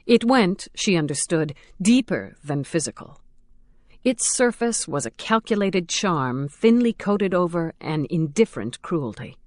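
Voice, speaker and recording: A woman giving a measured, steady audiobook narration of a crime thriller. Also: fairly low pitch, no room sound. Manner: measured, steady, dramatic storytelling.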